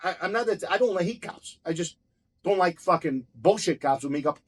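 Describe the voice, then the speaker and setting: A man's voice: sits high, animated, fairly quick, fairly bright tone. A man who owns a restaurant tells a heated, profane story in an interview, blunt and swearing constantly as he acts out each exchange. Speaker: restaurant owner.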